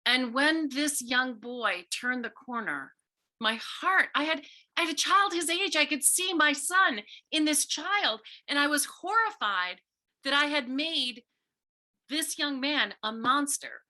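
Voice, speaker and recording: A woman's voice: high voice, a little slow, bright, forceful tone. A middle-aged woman author giving an earnest, storytelling talk to schoolchildren, sometimes acting out quoted voices. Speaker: visiting author speaking to students.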